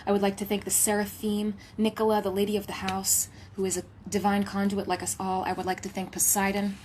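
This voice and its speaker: This home recording has a woman spiritual healer giving a channeled message in a mid-range voice, completely flat in delivery and a little fast. She speaks reverently, like a litany, at times hushing to a whisper and adding playful asides, with a little hiss or hum audible.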